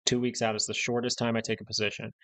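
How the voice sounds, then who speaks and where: Fast, bright and forceful, with a flat delivery, this young man's mid-range voice drives his live stock market stream. The host rants bluntly and keeps repeating points to hammer them in.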